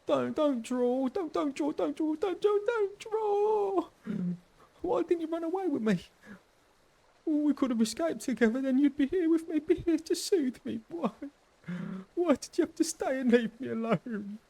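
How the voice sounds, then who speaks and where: A grief-stricken young man stammers through his tears. His voice sits very high and keeps breaking as he cries. He stumbles over his words again and again. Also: expressive, a little slow, gravelly, dark tone, heavily acted. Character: distraught young man, sobbing and pleading.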